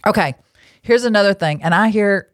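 A woman's voice: medium pitch, moderate pace, dry recording, studio quality. A woman hosting a casual Christian teaching talk, speaking frankly and bottom-line with chatty asides, seated at a table indoors. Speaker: podcast host and lay marriage counselor.

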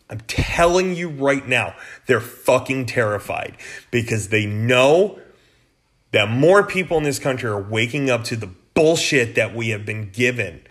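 Man, political rant, swears a lot, heated and blunt, mid-pitched voice. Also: fairly bright tone. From United States. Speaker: political podcast host.

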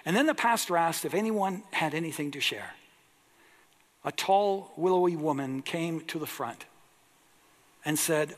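Slow, earnest preacher in an echoing hall. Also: male voice, fairly high pitch, expressive. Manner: earnest, emphatic, drawing out key words. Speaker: pastor. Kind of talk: sermon. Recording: long echo of a large hall.

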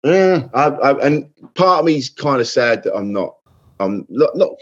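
This is a man in his forties, a comedian trading stories on a podcast. He talks in a chatty, self-deprecating way at a mid-range pitch. His recording sounds a little dull and lo-fi. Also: sing-song, moderate pace. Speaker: comedian guest. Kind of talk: casual podcast chat.

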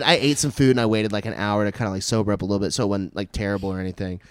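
A man, a stand-up comic, telling a story in casual chat, animated and full of swearing and "like" fillers. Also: lowish voice, very fast, hardly any pauses, clean tone, no room sound. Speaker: stand-up comedian.

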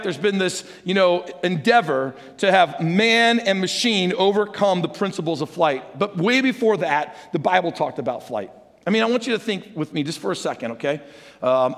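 High, gravelly-voiced pastor in a reverberant hall. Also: male voice. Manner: animated, chatty, asks the congregation questions. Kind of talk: conversational sermon.

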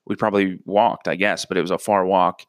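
A young comedic storyteller spins a profane, rambling tale full of self-mocking asides. His low-pitched voice has fairly even intonation and moves a little fast, recorded in a clean studio with no echo.

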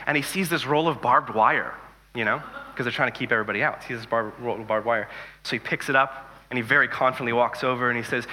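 Bright-voiced male preacher in a reverberant hall. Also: mid-range voice, quick pace, a little hiss or hum. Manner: conversational, animated storytelling with jokes. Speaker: pastor. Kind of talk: sermon.

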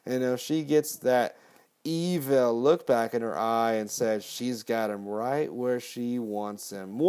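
A man hosts a loose, rambling movie recap and drops swear words freely. His voice sits at a middling pitch for a man. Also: fairly even intonation, takes it slowly, a little mellow, smooth. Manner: profane, rambling. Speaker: podcast host.

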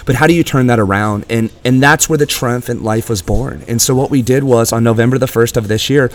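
A man's voice: medium pitch, brisk. A young man co-hosting a casual motivational podcast from a gym, earnest and encouraging, swearing casually as he talks. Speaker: podcast co-host.

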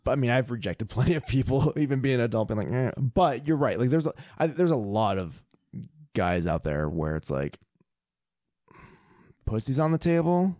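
A man's voice: mid-range voice, animated, brisk, dark tone, dry recording, clean studio sound. A young adult man co-hosting a podcast, talking loosely and swearing a lot as he tells stories full of fillers. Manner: loose, profane, storytelling with lots of fillers. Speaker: podcast co-host. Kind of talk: casual chat.

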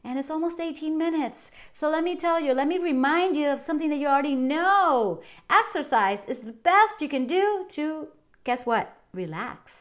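A woman's voice: sits high, lively intonation, moderate pace. A middle-aged woman hosting a fitness podcast, talking casually and cheerfully straight to her listeners. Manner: chatty, upbeat, addresses listeners directly. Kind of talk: casual wellness talk.

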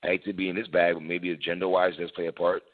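A man's voice: sits low, little pitch movement, fast. A man in casual hip-hop debate chat, laid-back and slangy, who laughs often and repeats his phrases. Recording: tinny phone-like sound.

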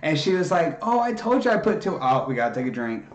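A man telling a story in casual chat, profane and animated, acting out what everyone said. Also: on the high side, quick pace, reverberant. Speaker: podcast co-host.

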